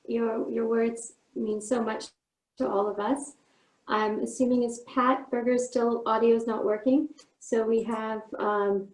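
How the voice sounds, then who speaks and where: Woman hosting a memorial call, roomy sound. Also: on the high side. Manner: gentle, calling on speakers one by one. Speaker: memorial host. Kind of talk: moderating a video call. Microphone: video call.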